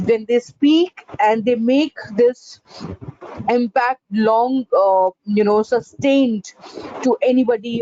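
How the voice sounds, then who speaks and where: Slow, high-pitched woman teaching pronunciation. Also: dark tone, dry recording, lo-fi sound. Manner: halting, repeats words with many fillers; drills corrections in a slow contrasting pattern. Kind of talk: online class lesson.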